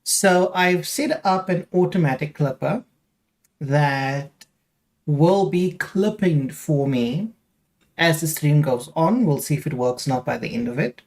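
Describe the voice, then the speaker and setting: A man's voice: on the high side, unhurried, gravelly, a little mellow. A young man chatting casually on a live stream, rambling with lots of fillers as he talks straight to his viewers.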